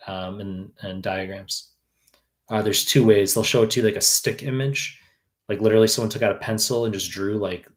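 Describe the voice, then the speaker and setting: A man in his thirties from New York, a tutor answering viewer questions on a live stream in a blunt, profane way with many fillers. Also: fairly low pitch. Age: 30s. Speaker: exam prep tutor.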